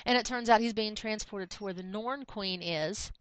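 A woman co-hosting a podcast, retelling a comic book story in animated storytelling. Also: mid-range voice, normal speed, clean tone, no room sound, poor audio. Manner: animated storytelling, acting out characters. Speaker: podcast co-host. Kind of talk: casual comic book recap.

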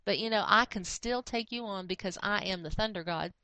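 A woman's voice: mid-range voice, fairly quick, bright, forceful tone, clean tone, no room sound, close to an everyday voice. Woman paraphrasing a boastful thunder god. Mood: confident. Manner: casual paraphrase in a plain voice. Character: boastful mighty male thunder god warrior.

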